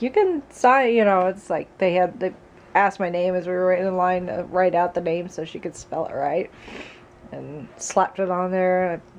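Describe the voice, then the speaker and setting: A woman's voice: on the low side, darkish tone, muffled recording. A woman vlogging casually at home, chatting in a rambling way with asides, sounding sick and tired. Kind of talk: casual chat. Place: at home by a patio door.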